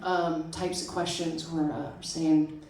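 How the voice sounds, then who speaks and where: A woman's voice: low voice, flat delivery, unhurried, darkish tone, a little hiss or hum. Young woman doing standup, laughs at her own bits, sounds far off in a super echoey room w/ audience laughing. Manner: self-deprecating, laughs at own jokes. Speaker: stand-up comic. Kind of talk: stand-up comedy set. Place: small arts venue with live audience.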